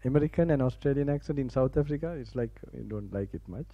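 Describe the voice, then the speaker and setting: A man's voice: mid-range voice, fast talker, no room sound, muffled recording. A man from Sri Lanka speaking English with a Sri Lankan accent, a Buddhist monk giving a Dhamma talk to an audience on a campus. He talks chattily and informally, laughs often and restarts broken phrases as he guides listeners through relaxation. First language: Sinhala. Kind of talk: sermon with guided relaxation instructions. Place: university campus hall, live audience.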